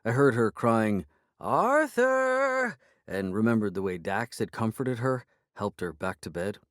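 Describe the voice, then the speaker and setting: A man narrating a first-person audiobook in a measured storytelling manner. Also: fairly low pitch, dry recording, studio quality.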